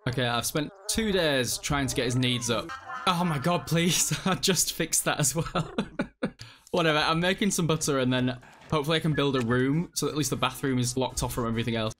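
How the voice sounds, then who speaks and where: A man's voice: medium pitch, brisk, fairly bright tone. A man giving casual, self-mocking commentary over a video game, with a non-American English accent. He swears freely and laughs often. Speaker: let's play host.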